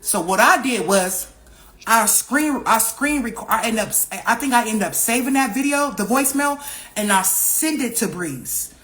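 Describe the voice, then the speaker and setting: A young woman telling a casual storytime vlog, profane and animated, repeating herself and acting out what other people said. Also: on the high side, moderate pace. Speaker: vlogger.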